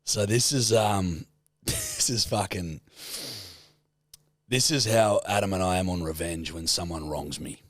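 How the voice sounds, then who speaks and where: A man in his thirties with an Australian accent, co-hosting a podcast and telling stories in a loose, animated way with plenty of swearing. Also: low voice, a little slow, no room sound, clean studio sound. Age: 30s. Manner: swears freely, animated storyteller. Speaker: podcast co-host. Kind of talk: casual storytelling chat.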